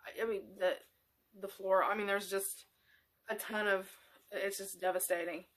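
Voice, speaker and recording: A middle-aged woman hosting a craft tutorial, talking casually in a rambling, halting way with many fillers and restarts. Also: mid-range voice, steady tone. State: emotional, near tears.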